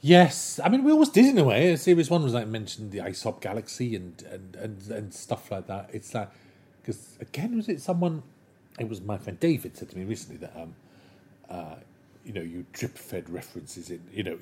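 Male interview guest, low-pitched, eager storyteller who rattles along quickly. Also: a little hiss or hum. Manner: animated, enthusiastic and rambling. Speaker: guest, television writer. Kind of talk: casual interview chat.

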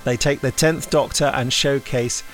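A man's voice: medium pitch, fairly even intonation, normal speed, faint music behind. A man co-hosting a podcast, reading out listener reviews in a playful, giggly way and often breaking into laughter. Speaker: podcast co-host. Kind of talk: casual chat reading out reviews.

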